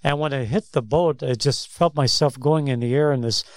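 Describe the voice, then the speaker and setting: A man's voice: mid-range voice, moderate pace, no echo. A man co-hosting a Christian talk show, telling stories in a rambling way that restarts and repeats words. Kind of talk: casual faith discussion, storytelling.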